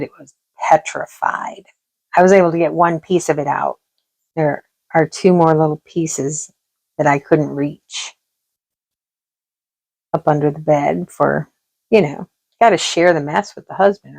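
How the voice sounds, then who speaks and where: Low, gravelly-voiced woman chatting casually. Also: fairly even intonation, unhurried, a little mellow, dry recording. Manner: chatty, rambling, with laughs and quoted dialogue. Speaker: craft vlogger. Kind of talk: casual storytelling while crafting.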